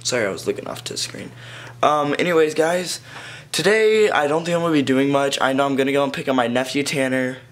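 A fast-talking teenage vlogger with a mid-range voice chats casually to a handheld camera, drifting between thoughts and repeatedly saying "anyways." He is partly outdoors in the wind, and the recording quality is low.

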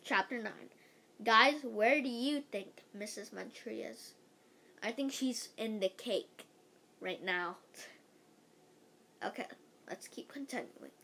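A woman reading a children's chapter book aloud, lively, with occasional slips and restarts. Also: on the high side. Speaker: read-aloud host.

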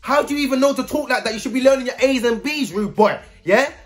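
A man's voice: very high-pitched, quick pace, faint music behind. A man giving a blunt, scolding video commentary full of street slang.

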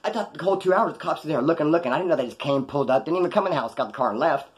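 Guy rambling thru a story real fast, slangy, kinda high voice. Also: lively intonation. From California, USA. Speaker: storyteller recounting his past. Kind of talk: casual storytelling on a live stream.

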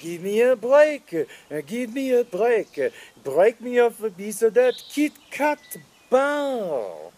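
A silly cartoon Frenchman with a mustache, as a man puts him on, talking in a high, sing-song voice that leaps around wildly. He draws out his words slowly and theatrically in a put-on cartoon French accent. The sketch is recorded outdoors on grass. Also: wildly swooping pitch, darkish tone, exaggerated voice. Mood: playful. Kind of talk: comedic sketch vlog.

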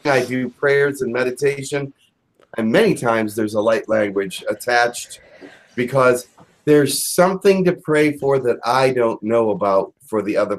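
A man, a channeler, chatting casually in a gentle, reassuring way with small hesitations. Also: lowish voice, low-quality recording. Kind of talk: casual chat.

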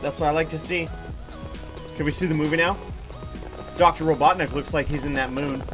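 A man's voice: a little high, steady tone, brisk. A man giving casual, profane, joking commentary while playing a strange video game. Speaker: let's play host. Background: game music.

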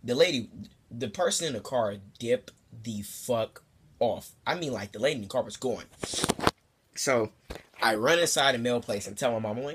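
A young man telling a comedic story to the camera in a casual, profane, rambling way, sometimes jumping into high squeaky voices for the people in it. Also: a little fast, a bit bright, a little hiss or hum. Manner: profane, rambling asides to the viewer. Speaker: storytime vlogger.

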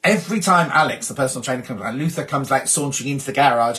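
A man's voice: mid-range voice, rapid-fire, bright, forceful tone. A man hosting a casual live stream, reading out viewer messages in a chatty, rambling way and often breaking off mid-sentence. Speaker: host.

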